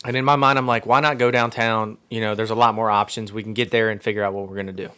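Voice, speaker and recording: A man's voice: on the low side, clear, resonant tone. Rambling man spinning a story. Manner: rambling animated storyteller, quick asides. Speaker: podcast co-host. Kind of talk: casual chat.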